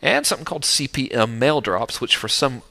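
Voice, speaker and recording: Middle-aged guy hyping marketing tips, bright voice, bouncy pitch, jokey and self-mocking. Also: expressive, brisk, creaky. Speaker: internet marketer teaching list building. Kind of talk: casual video tutorial.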